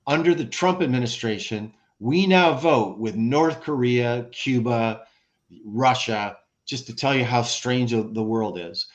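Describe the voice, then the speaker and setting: Animated American man, talkative guest. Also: mid-range voice, measured pace, muffled recording. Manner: animated, lists examples, frequent restarts. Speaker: guest, former ambassador and author. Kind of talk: conversational podcast interview.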